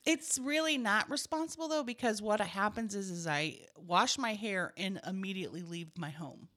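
A woman comedian co-hosting a podcast in casual chat, with a dry, deadpan comic delivery. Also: mid-range voice, normal speed. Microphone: studio microphone.

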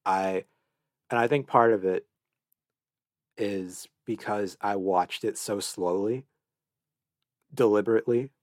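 A man's voice: lowish voice, fairly even intonation, takes it slowly, pauses often, no room sound, studio quality. A man hosting a solo anime review podcast, talking in a gushing, enthusiastic way and repeating words as he restarts his sentences. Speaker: podcast host.

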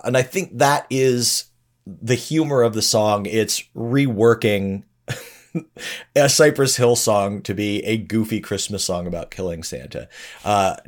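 A man co-hosting a podcast, chatting casually about songs in a laid-back, chuckling way. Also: fairly low pitch. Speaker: podcast co-host. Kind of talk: casual music review chat.

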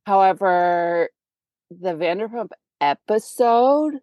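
Blunt, animated young woman co-host. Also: medium pitch, slow, no room sound, muffled recording. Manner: blunt, animated, swears often. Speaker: podcast co-host. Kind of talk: casual chat.

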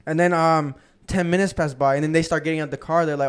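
Fast-talking young man telling a story. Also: on the high side, clean tone. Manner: profane, animated storyteller who acts out quotes. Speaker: podcast host. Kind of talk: casual storytelling chat.

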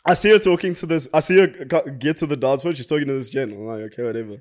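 A young man with a South African accent telling a long, animated story in casual chat, slangy and swearing freely. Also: a little high, very fast.

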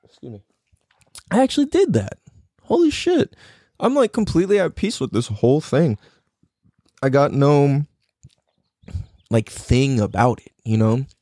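A man's voice: mid-range voice, very animated, unhurried, long pauses, dark tone, no echo, clean studio sound. A man talking in a casual, reflective monologue, loose and profane, full of "like" and "you know".

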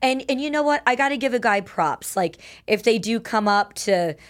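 A woman's voice: a little high, normal speed. A woman guest in casual podcast chat, talking freely and often laughing and acting out her own reactions. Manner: chatty, laughs often, quotes herself in lively asides. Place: Las Vegas.

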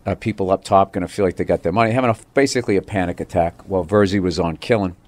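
A man's voice: low voice, rapid-fire, a little mellow. Profane storyteller man. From Boston, USA. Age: middle-aged. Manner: profane, rambling storyteller, lots of "like". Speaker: comedian guest. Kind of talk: casual podcast chat.

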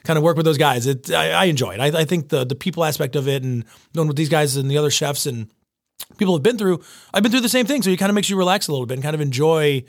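A man's voice: a little high, lively intonation, very fast, no echo, clean studio sound. A man, a chef telling his story in casual interview chat, rambling and acting out the voices of the people he quotes. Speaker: chef and pizza shop owner.

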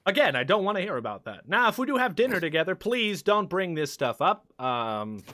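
A man's voice: sing-song, fairly quick, bright, forceful tone, no room sound, full character voice. A man voicing a flamboyant male carnival ringmaster in a showy, theatrical announcer manner. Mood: flustered. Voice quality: high, theatrical showman voice. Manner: grand announcer delivery, prim and flustered.

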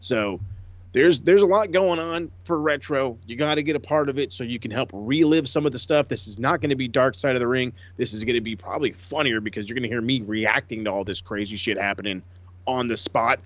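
A man co-hosting a casual podcast, swearing freely and talking excitedly. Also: mid-range voice, fairly quick, no room sound, highs cut off. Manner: profane, excitable, laughs a lot. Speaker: podcast co-host.

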